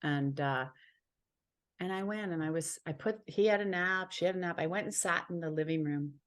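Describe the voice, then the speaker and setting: A woman's voice: on the low side, moderate pace. A woman from Ontario, Canada, a healer and psychic, telling a personal story as an interview guest in an earnest, heartfelt way, repeating phrases for emphasis.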